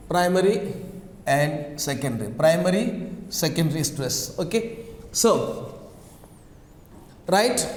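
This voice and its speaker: High-voiced guy teacher drilling words over and over, slow, big echoey hall. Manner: repetitive, drills words slowly. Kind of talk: classroom lesson on word stress. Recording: echoey long-reverb room.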